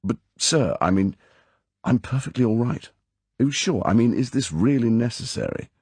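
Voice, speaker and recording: A man's voice: mid-range voice, animated, moderate pace, a little mellow, slightly rough, dry recording, pitched above the performer's own voice. A man doing an exasperated secret agent. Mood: pleading. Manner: polite but exasperated. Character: impatient male secret agent, defensive and wry.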